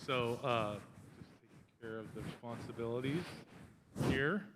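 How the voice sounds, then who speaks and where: Energetic male development director speaking. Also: medium pitch, measured pace, long pauses, a little hiss or hum. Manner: energetic, enthusiastic, chatty. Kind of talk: public speech.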